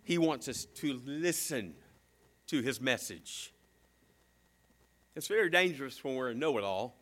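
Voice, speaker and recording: A man preaching a sermon as a pastor, swinging between emphatic fast bursts and slow hushed phrases. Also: mid-range voice, lively intonation. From southern United States.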